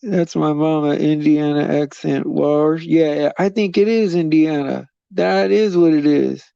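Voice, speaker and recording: Creaky-voiced man chatting on a stream. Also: on the high side, a little slow, warm tone, no echo, muffled recording. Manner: rambling, chuckling, loose and meandering. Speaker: livestream host. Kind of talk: casual chat with viewers on a live stream.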